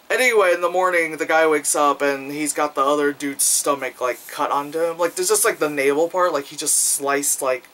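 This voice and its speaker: His voice is a little high with a sharp tone, and the recording is rough. He gives a casual film review that rambles with lots of fillers and swearing, acting out quoted lines in jumpy voices.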